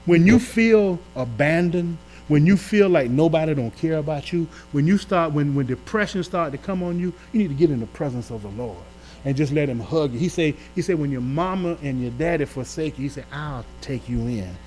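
A man pastor preaching a sermon in a colloquial, call-and-response manner, shifting between loud emphatic swells and quiet asides. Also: on the high side, animated, brisk, a little hiss or hum, low-quality recording. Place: church during a live-streamed Bible study.

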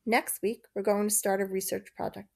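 A woman's voice: mid-range voice, flat delivery, normal speed, vocal fry, a little mellow, husky. A woman voicing a bold, eager sixth-grade girl in a storybook reading.

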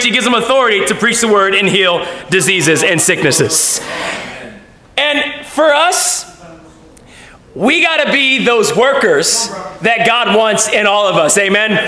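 A man preaching a lively sermon, acting out quoted voices and laughing often. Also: very high-pitched, moderate pace, echoey room. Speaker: pastor.

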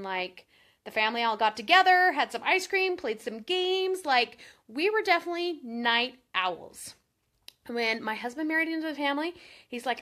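A woman in her thirties vlogging in a casual chat to camera, telling stories in an animated way and saying "like" a lot. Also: sits high. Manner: chatty, animated storytelling with lots of "like".

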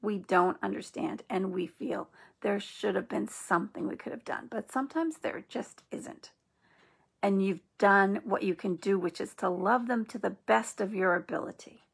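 Gravelly, husky woman giving gentle encouragement. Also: medium pitch. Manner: gentle, earnest, slow and reassuring. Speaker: host of an inspirational channel. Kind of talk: encouraging spiritual talk.

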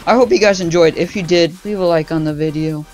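A man's voice: fairly high pitch, a little fast, soft background music. A young man doing live gameplay commentary for his gaming channel, trash-talking his teammates in slang and getting easily frustrated.

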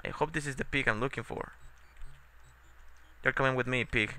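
A man's voice: medium pitch, moderate pace, sharp tone. A young man giving casual, sarcastic let's-play commentary, swearing often and muttering in frustration at the game.

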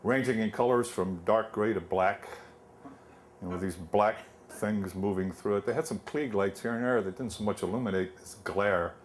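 A man's voice: fairly low pitch, moderate pace, a little hiss or hum. An older man telling a wry personal story live on stage, conversational with many fillers.

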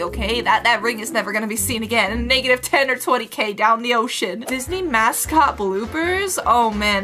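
A woman with a high, bright-sitting voice reacts to clips as a video host. Her pitch swoops up and down as she gasps and exclaims. Music plays steadily beneath her voice. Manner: animated, gasping and exclaiming. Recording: music playing underneath. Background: background music.

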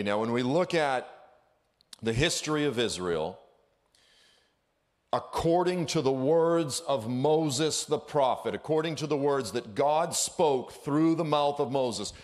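A man giving an energetic, conversational sermon as a guest speaker in a church, with casual slang and frequent asides. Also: mid-range voice.

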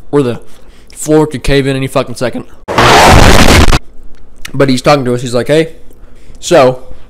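A young man vlogging casually from his bedroom, rambling and swearing with a deadpan, sarcastic manner. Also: mid-range voice, moderate pace, heavy background noise. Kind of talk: casual vlog chat. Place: home bedroom.

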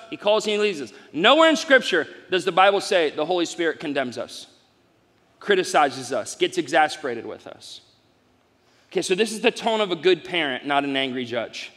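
A middle-aged man preaching a live sermon as pastor, swinging from loud exclamations to soft asides. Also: high-pitched. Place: large church hall. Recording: long hall reverb.

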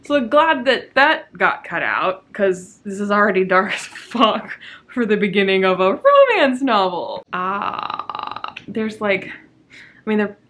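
Woman, book vlogger, casual reading vlog, sarcastic, swears a lot, laughs often, mid pitch, camera mic at home. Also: sing-song, slow, fairly bright tone.

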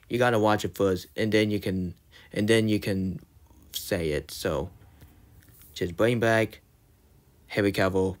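A young man vlogging a heated, repetitive rant and apologizing to his viewers along the way. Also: on the low side. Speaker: YouTuber. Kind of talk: ranting commentary.

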